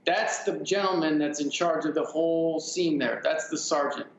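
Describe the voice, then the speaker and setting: A man speaking as an attorney guest in a news interview, explaining in a measured way. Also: fairly high pitch, gravelly, very echoey, lo-fi sound, a little hiss or hum. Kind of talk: interview answers.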